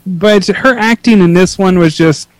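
A man with a somewhat high voice co-hosts a relaxed podcast chat. He rambles and restarts his sentences often. The sound is dry and close to the mic. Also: a little slow, dry recording. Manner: rambling, hesitant, many restarts. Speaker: podcast co-host. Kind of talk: casual chat.

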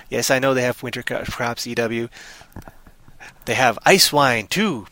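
Playful, bright-voiced male livestream storyteller. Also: mid-range voice, brisk, no room sound. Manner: playful, rambling, reads chat aloud. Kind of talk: casual improvised storytelling.

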